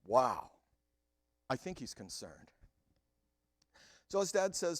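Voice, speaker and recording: A man preaching a sermon as pastor, animated and speaking directly to his listeners. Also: fairly high pitch, slow pace, no room sound, clean studio sound. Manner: animated, talks straight to the congregation.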